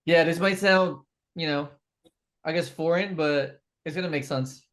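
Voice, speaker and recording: A man's voice: fairly high pitch, unhurried, fairly bright tone. A man mentoring a group over a video call, thinking aloud as he reads product labels.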